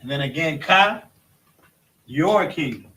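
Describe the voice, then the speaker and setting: Guy teaching a bible lesson, kinda high voice, keeps stopping and restarting, echoey room. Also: expressive, bright, forceful tone. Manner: halting, restarts often, pointing at a board. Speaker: religious teacher. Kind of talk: classroom-style scripture lesson. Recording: echoey room, mic at a distance.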